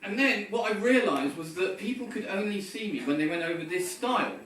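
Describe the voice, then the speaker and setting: A man's voice: high voice, expressive, fairly quick. A man doing stand-up at an open mic, telling a rambling, self-deprecating story. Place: pub comedy room. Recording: echoey room from far off, loud background noise. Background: audience laughter.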